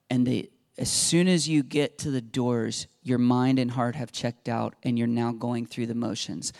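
A man's voice: mid-range voice, a little mellow. A middle-aged man preaching a sermon as pastor, acting out Bible dialogue with rising intensity.

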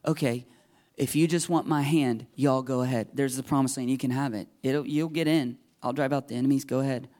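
A man's voice: mid-range voice, fairly even intonation, brisk, dark tone. A middle-aged man preaching a sermon in a conversational, emphatic way, acting out the voices he quotes. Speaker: pastor.

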